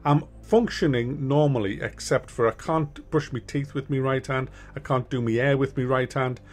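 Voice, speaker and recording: A man's voice: medium pitch, fairly even intonation, normal speed. A man hosting a channel, giving a casual monthly update in a candid, rambling way with blunt swearing. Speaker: gaming channel host.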